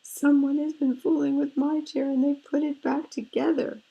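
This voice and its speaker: A woman voicing a tiny frightened young bear cub in a storybook read-aloud, in a very high squeaky wail. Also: flat delivery, normal speed, creaky, dark tone, dull audio. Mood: upset.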